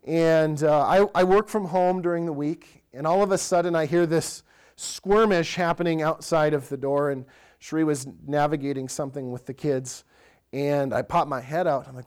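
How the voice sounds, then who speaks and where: With a clear, resonant voice on the high side and a moderate pace, this man in his thirties preaches conversationally in church. The pastor relaxes into storytelling and puts direct questions to the congregation.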